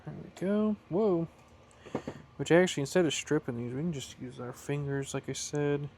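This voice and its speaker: A man's voice: on the high side, normal speed, darkish tone, a little hiss or hum. A man talking casually while he builds and solders at his workbench, thinking aloud and correcting himself as he goes. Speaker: hobbyist building a flight-sim throttle. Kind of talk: casual workshop tutorial.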